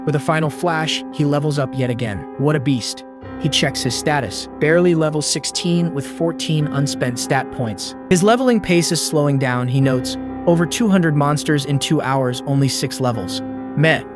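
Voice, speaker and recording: A male recap narrator reads a scripted story, dropping slangy, punchy quips between the beats. His voice sits fairly high for a man. Soft music plays underneath. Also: moderate pace. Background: faint background music.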